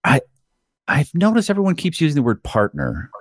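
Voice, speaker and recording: A man co-hosting a casual chat, telling animated, profane stories and acting out quotes. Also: fairly high pitch, brisk, slightly rough, no room sound, studio quality. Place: Los Angeles.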